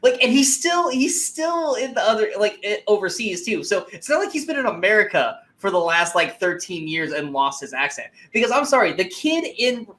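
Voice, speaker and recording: A man's voice: sits high, sing-song, normal speed, few pauses, fairly bright tone. A man co-hosting a movie podcast, ranting emphatically and swearing in casual review chat.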